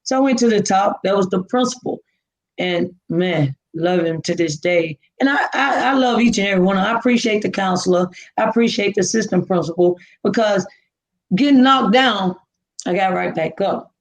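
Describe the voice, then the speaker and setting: A woman's voice: medium pitch, normal speed, rough recording. A woman, a guest from Alabama telling a personal story and acting out the dialogue. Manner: animated, acts out dialogue.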